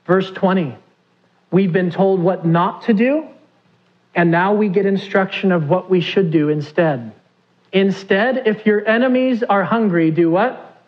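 A man's voice: sits high, a little slow, muffled recording. A man preaching a sermon, who asks his listeners questions and acts out the pleas he quotes. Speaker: pastor.

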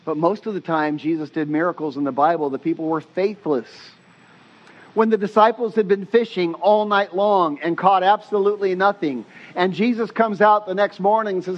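A man preaching a sermon as pastor, telling stories with animated, casual delivery and slang. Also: sits high, moderate pace, highs cut off.

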